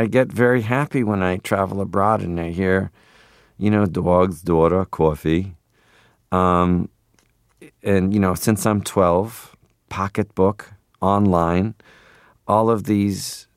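A Canadian man in his forties, a radio interview guest with a deep, creaky voice, is recorded dry with clean studio sound. He's playful and rambling, keeps slipping into voices, and drops foreign phrases.

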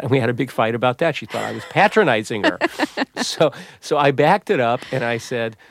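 A middle-aged man, a novelist and psychologist, telling stories in an interview with lively restarts and repeats. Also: mid-range voice, a little fast. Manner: animated storyteller, many restarts and repeats. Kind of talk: conversational interview.

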